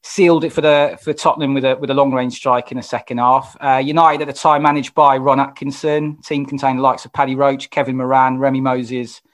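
Relaxed male host running an interview. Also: medium pitch. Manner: relaxed, reads match details, quick backchannels. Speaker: podcast host. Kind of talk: casual interview chat.

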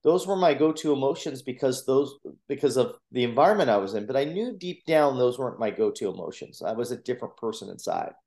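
A man who coaches and gives talks recounts his own story in an interview, earnest and animated as he acts out the voices of people in it. His voice sits at an ordinary middle pitch. The recording has a roomy echo. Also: fast talker, hardly any pauses. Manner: earnest, animated retelling with acted quotes. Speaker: motivational coach and speaker. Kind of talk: personal storytelling in a podcast interview.

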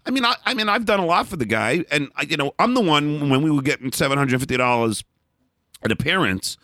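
A middle-aged man talks bluntly as an interview guest, his pitch swinging widely as he tells his stories. His tone is bright and forward, and he keeps stumbling into restarts and repeated words. The room sounds dry and close. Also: lively intonation, quick pace, no echo. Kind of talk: candid storytelling in a conversation.

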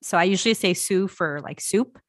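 A woman's voice: fairly low pitch, brisk, dry recording, studio quality. A woman from India, a guest on a podcast, explaining things candidly. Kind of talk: podcast interview.

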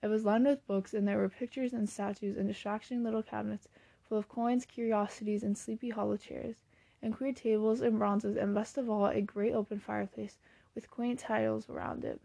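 A woman's voice: medium pitch, moderate pace, gravelly, no room sound. Woman reading a classic novel aloud. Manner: plain, steady reading with small slips and self-corrections. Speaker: audiobook reader. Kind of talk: storybook narration.

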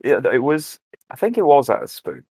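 A man's voice: a little high, sing-song, brisk, a little mellow, husky, dry recording, clean studio sound. A man in a casual chat among friends. He tells an anecdote at an easy pace, in a loose way.

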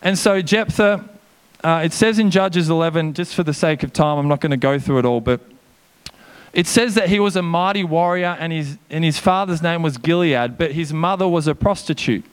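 A male pastor preaching energetically, in a casual, conversational way full of quick asides. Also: a little high, clean tone. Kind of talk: sermon.

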